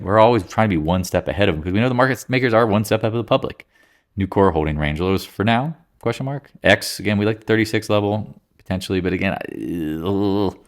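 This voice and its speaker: Low-voiced guy running through stock charts, blunt and jokey, quick asides. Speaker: market commentator. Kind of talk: casual chart-by-chart market rundown.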